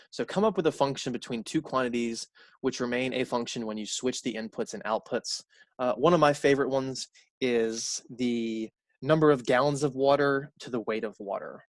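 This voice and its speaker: Guy teaching a college math lecture, middle pitch, repeats stuff, fixes his own slips, dry close sound. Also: no echo. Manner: conversational, repeats key points, corrects himself aloud. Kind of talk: recorded lecture.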